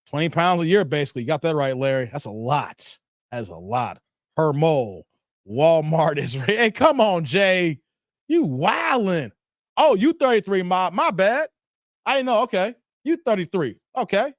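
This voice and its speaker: Brief: animated male streamer, high bouncy voice, dry close sound, keeps laughing and ribbing his chat from a home basement setup. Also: no room sound. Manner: animated, joking, laughs often, talks back to chat. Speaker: livestream host reading viewer chat. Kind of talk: casual livestream chat.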